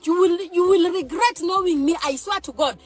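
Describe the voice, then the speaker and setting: A woman's voice: very high voice, moderate pace, soft background music. A woman with a Nigerian accent, a mother ranting emotionally to camera in an agitated, threatening and pleading way. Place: parked car.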